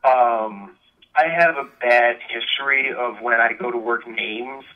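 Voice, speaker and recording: A man's voice: mid-range voice, unhurried. A man telling rambling stories with many fillers as a guest in a casual phone interview. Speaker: guest, wrestler. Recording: tinny phone line.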